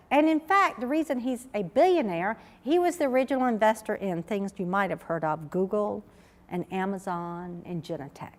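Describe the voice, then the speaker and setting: A woman, giving an emphatic, story-driven conference talk as a researcher. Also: mid-range voice. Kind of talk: conference keynote speech. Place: large conference hall. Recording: reverberant lecture hall.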